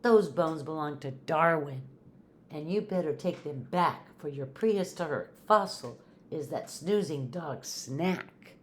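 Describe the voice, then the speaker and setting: A woman's voice: deep voice, expressive, a little slow, slight background noise. An older woman doing a bossy hollering mother cat. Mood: scolding. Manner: hollering orders. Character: bossy mother cat scolding her kitten.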